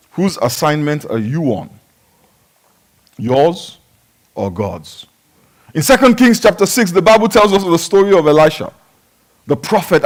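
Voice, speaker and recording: A male pastor preaching a sermon, swinging between shouted exclamations and quiet teaching, and calling on the congregation to respond. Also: high-pitched.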